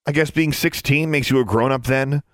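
A man voicing a defiant, sarcastic teenage girl in an audiobook, with a raised, lively voice. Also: a little fast, dry recording, clean studio sound, close to an everyday voice. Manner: raised pitch, sharp retorts.

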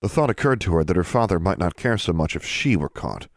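A man reading an audiobook in steady, measured narration. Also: sits low, no echo, studio quality. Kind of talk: scripted narration.

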